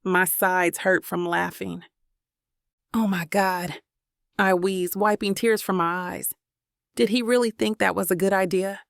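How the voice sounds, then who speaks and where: A woman narrating a romance audiobook in first person, tender and reflective. Her mid-pitched voice has a gravelly edge. The recording is close and dry. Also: fairly even intonation, normal speed, no room sound.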